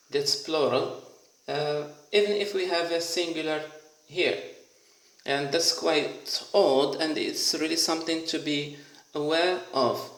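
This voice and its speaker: A man teaching an English grammar lesson, explaining step by step and repeating example sentences slowly and deliberately. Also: on the high side, fairly bright tone, a little hiss or hum. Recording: echoey room.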